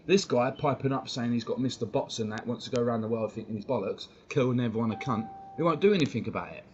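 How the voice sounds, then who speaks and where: A man's voice: medium pitch, a little mellow. A man hosting a fan channel, ranting heatedly and swearing a lot during live-stream commentary. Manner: heated, sweary, fast-talking rant. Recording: dull lo-fi stream audio with faint noise.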